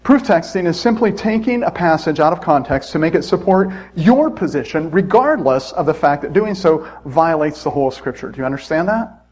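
Brief: male pastor, husky, somewhat high voice, casual self-deprecating sermon. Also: expressive, fairly quick, darkish tone, rough recording. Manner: conversational, self-deprecating preaching with asides to the congregation. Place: church.

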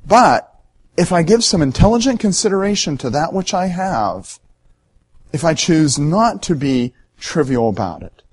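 A male pastor giving an earnest sermon, emphatic at times and dropping soft and low for solemn points.

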